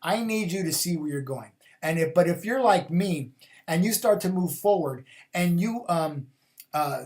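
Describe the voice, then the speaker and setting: A man hosting a spiritual call-in show, talking loosely with fillers and repeated, chant-like questions. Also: fairly high pitch. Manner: rambling, with fillers and repeated phrases; rhythmic, incantatory questions. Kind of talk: casual spoken monologue.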